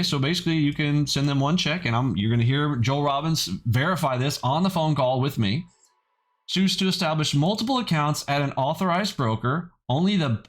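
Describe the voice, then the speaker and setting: A man hosting a trading channel in a casual, blunt and skeptical way, often adding "okay" as he talks. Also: on the high side. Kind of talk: casual video commentary.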